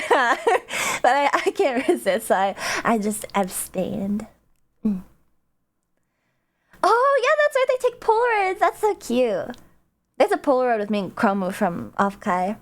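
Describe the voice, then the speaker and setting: Bubbly streamer girl rambling to chat, high voice that bounces all over. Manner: bubbly, rambling, quick asides and giggles. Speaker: VTuber streamer. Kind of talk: casual chat with stream viewers.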